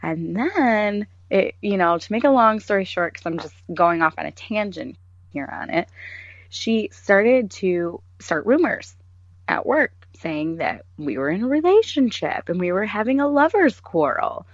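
A woman's voice: mid-range voice, sing-song, a little slow, dry recording. A woman in her thirties co-hosting a podcast, telling a story in casual chat and mimicking others in quoted voices. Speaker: podcast co-host. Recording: dull lo-fi sound.

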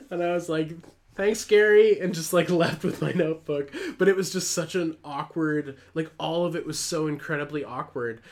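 A man's voice: on the high side, a bit bright. A young man co-hosting a casual chat, telling a long awkward anecdote with frequent laughs and restarts. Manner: rambling, self-deprecating, laughs often. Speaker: podcast co-host.

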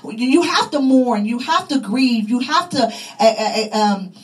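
A woman's voice: on the high side, lively intonation, unhurried, poor audio. A woman preaching a sermon, fervent and repetitive, her voice rising and falling with emphasis.

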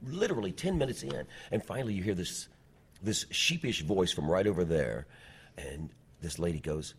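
A man telling a radio story in casual chat, acting out the quotes loudly. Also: sits low, lively intonation, moderate pace, a little hiss or hum. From Ohio. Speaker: radio personality guest.

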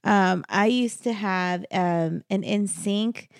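Soft-spoken woman in her thirties, casual. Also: mid-range voice, slow, smooth, no room sound, clean studio sound. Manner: relaxed, soft-spoken, many ums. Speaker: podcast co-host. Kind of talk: casual chat.

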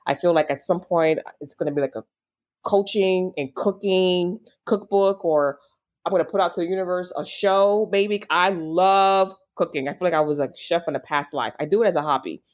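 A guest on an interview show who works as a life coach. The delivery is earnest and reflective, with an even, mid-pitched voice. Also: a little fast. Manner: reflective, earnest, spiritual musing. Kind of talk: casual conversational interview.

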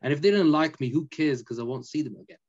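A man, a podcast guest telling his story in an animated, emphatic casual way. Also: a little high, quick pace, slightly rough, muffled recording. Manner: animated, emphatic, peppered with "innit" and "you know".

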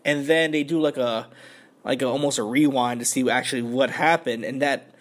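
A man on a podcast, excitedly recapping an anime episode in slangy, profane casual talk with lots of filler words. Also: medium pitch, moderate pace. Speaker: podcast host.

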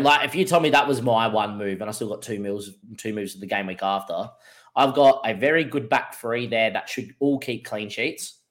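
A man co-hosting a fantasy football show, working through his options aloud in casual chat. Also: lowish voice. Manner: thinks aloud through options, with frequent fillers. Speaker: podcast co-host.

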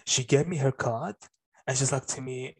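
Animated young man telling a story. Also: medium pitch, normal speed, slightly rough. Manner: animated, swears freely, mimics other people's voices. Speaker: podcast co-host. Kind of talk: casual storytelling chat.

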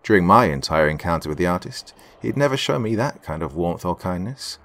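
Deep, animated male storyteller for first-person fiction. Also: a little fast. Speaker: narrator.

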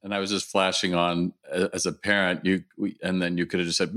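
A man's voice: low-pitched, little pitch movement, a little fast, fairly bright tone. A man hosting a podcast, musing in casual conversation with his guest. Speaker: podcast host. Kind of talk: casual interview chat.

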